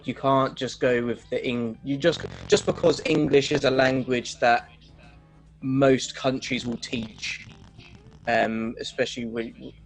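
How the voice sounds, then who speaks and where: A man's voice: mid-range voice, low-quality recording. A man co-hosting a casual chat over a video call, talking in a rambling way with lots of restarts. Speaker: co-host.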